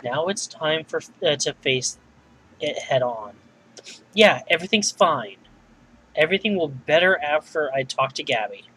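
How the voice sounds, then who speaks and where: A man's voice: on the high side, lively intonation, moderate pace, bright, forceful tone, slight background noise. A man hosting a gaming video, making nervous, joking asides while he plays. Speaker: let's play host. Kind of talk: casual gaming commentary. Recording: faint game music behind.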